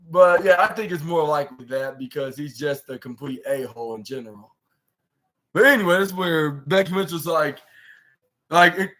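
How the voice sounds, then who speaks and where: A man's voice: on the high side, normal speed, bright, forceful tone. A man hosting a casual podcast, recapping a wrestling show in a rambling way, full of fillers, restarts and loosely paraphrased quotes.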